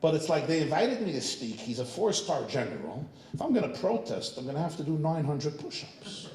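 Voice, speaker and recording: A rabbi telling a funny story to his congregation, lively and full of asides to the audience. His voice sits fairly high and swoops up and down a lot. The sound is roomy and echoey, as in a synagogue hall. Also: brisk. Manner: animated, joking, lots of asides to the audience. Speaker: rabbi, guest speaker. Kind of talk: humorous storytelling talk.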